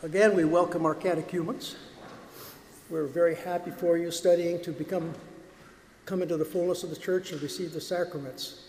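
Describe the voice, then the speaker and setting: A man preaching as a priest, reading scripture and giving a homily in a measured, earnest way. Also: a little high, fairly even intonation, a little mellow, slight background noise. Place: church. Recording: echoey church with long reverb.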